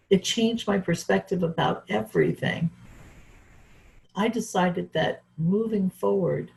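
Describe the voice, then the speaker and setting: A woman's voice: fairly low pitch, creaky, a little mellow, poor audio. A woman speaker giving an earnest, reflective talk about her own life. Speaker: event speaker. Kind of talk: personal storytelling talk.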